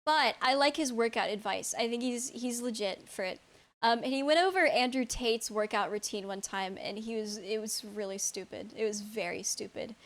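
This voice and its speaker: Speaking at a moderate pace, a young woman with a high, light voice hangs out with her stream chat, answering messages casually. Her talk is loose and rambling, blunt and unfiltered, full of swearing and bursts of laughter.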